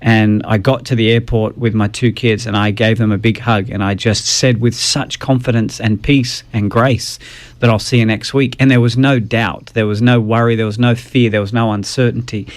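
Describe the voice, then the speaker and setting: A man's voice: lowish voice, little pitch movement, moderate pace. A man, a podcast guest sharing his faith story in an earnest, emotional way. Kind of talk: personal testimony in a podcast interview.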